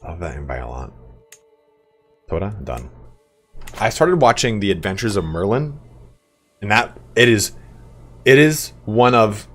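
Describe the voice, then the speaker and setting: A man's voice: fairly low pitch, sing-song, unhurried, long pauses, soft background music. A young man from Southern California, chatting casually and rambling while he streams a game, swearing freely. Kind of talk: casual live gameplay stream chat.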